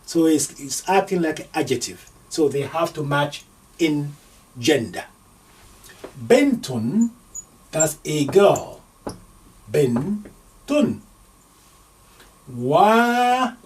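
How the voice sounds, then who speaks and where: A man teaching an Arabic grammar lesson, slowly sounding out words syllable by syllable as he writes them. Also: fairly high pitch, expressive, darkish tone, far from the mic, a little hiss or hum. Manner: slow, deliberate, sounding out syllables.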